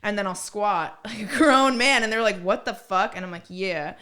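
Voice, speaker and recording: A woman's voice: medium pitch, moderate pace, pushed and bright. A young woman, a comedian guest on a podcast, telling blunt, profane stories in casual chat with lots of filler words.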